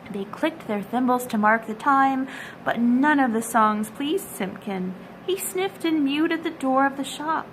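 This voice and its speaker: A woman reading a classic children's story aloud at a storytime, gentle and expressive. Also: high-pitched, measured pace, a little hiss or hum, poor audio. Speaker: storytime reader.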